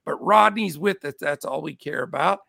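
A man's voice: on the high side, lively intonation, normal speed, gravelly, no echo, clean studio sound. A middle-aged man with a scratchy voice hosting a casual sports betting show, upbeat as he greets his chat. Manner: upbeat, shouts out chat names. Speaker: show host.

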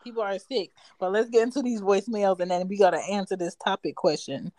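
A woman co-hosting a casual podcast, who backs up her partner with short replies and steers the show in a brisk, direct way. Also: mid-range voice, steady tone, warm tone, no room sound. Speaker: podcast co-host. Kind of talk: casual chat.

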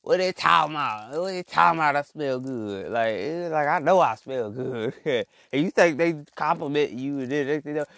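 A man doing a comedic rant monologue, rambling and slangy, full of fillers and restarts, jumping from low mumbles to loud outbursts. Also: animated, normal speed, gravelly, few pauses, no room sound.

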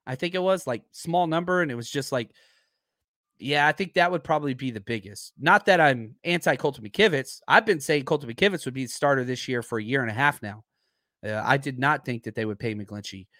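A man hosting a podcast in a casual, rambling chat, his voice hoarse and worn out. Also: mid-range voice, brisk, fairly bright tone, no echo, studio quality. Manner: rambling, chatty, searches aloud for names. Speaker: podcast host. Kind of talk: casual live-stream chat.

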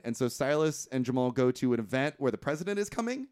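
A man co-hosting a podcast, recapping a comedy film in a deadpan way and acting out lines of dialogue. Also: mid-range voice, quick pace. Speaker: podcast co-host recapping a movie. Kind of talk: casual chat.

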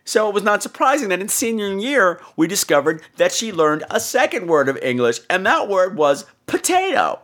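A man hosting a podcast, telling a story in a theatrical, animated way, full of crude jokes and acted-out voices. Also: normal speed, few pauses. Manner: acts out quoted people in higher voices. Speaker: podcast host. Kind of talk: casual storytelling.

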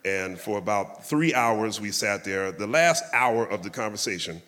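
A man's voice: fairly low pitch, animated, moderate pace, sharp tone, in a large hall. A man telling a humorous, self-deprecating story live on a theatre stage.

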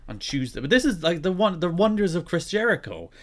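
A man's voice: high-pitched, big pitch swings, fairly quick. Dry man in casual chat. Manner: dry, wry, opinionated. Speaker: podcast co-host.

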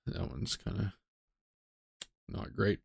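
A man hosts a solo podcast, speaking slowly and casually with frequent "ums" and self-corrections. The recording is dry, with clean studio sound.

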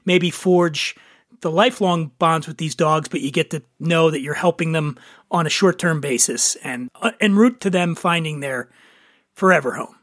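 A man's voice: fairly high pitch, moderate pace, a bit bright, no echo. Male podcast host, casual joking chat, close dry studio mic. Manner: chatty, self-deprecating, gets choked up. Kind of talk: casual interview chat and read ad.

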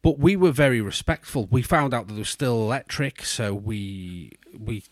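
Brief: male podcast host, rambling storyteller, mid-pitched, close dry recording. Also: lively intonation, moderate pace, no room sound. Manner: rambling anecdotes with restarts, slips into posh put-on voices. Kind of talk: casual storytelling chat.

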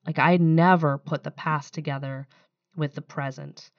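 A woman's voice: sits low, steady tone, moderate pace, dry recording, muffled recording. A young woman, a startup founder, speaking candidly in a podcast interview and telling her story with some emotion.

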